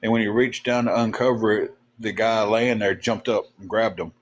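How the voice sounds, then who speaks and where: A man with a low voice and a drawl tells a story over a livestream. He rambles and halts, filling pauses with ums and uhs. A faint hum of noise sits underneath. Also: steady tone. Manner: rambling, halting, many fillers. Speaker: livestream host. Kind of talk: casual storytelling chat.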